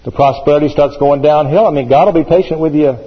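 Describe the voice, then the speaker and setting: A man's voice: a little high, fast, slightly rough, long reverb tail, muffled recording. A man, a pastor, preaching a sermon with emphasis, repeating phrases as he builds.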